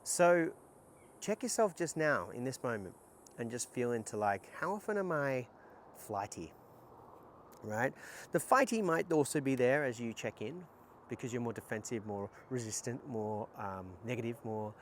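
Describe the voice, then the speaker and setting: A man, a somatic psychotherapist, talking candidly and casually to camera, swearing now and then in a lively stop-start way. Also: medium pitch, normal speed, a little hiss or hum. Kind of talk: casual explanatory talk to camera.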